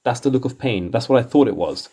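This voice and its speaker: A man's voice: mid-range voice, expressive, fast, warm tone, husky. A man hosting comics commentary in a casual, rambling way, exasperated and chuckling often.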